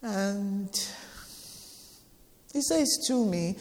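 In a big-sounding room, a woman in her forties with a fairly low voice gives an emotional personal testimony to a church gathering. She speaks haltingly through tears, repeating phrases for emphasis.

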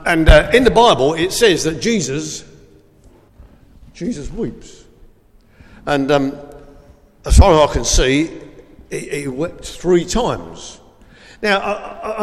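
Man, school assembly speaker: informal and rambling, reads from scripture; long hall reverb. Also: fairly high pitch. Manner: chatty and rambling, with many fillers and restarts. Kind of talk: informal assembly talk with Bible reading.

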